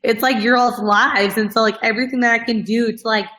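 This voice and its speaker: A woman's voice: a little high, fairly even intonation, brisk, bright, forceful tone, low-quality recording. A woman hosting a fitness coaching show, talking casually and earnestly to her followers, emotional and close to tears, with many fillers. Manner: earnest, heavy use of "like" as filler. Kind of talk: casual heartfelt talk to followers.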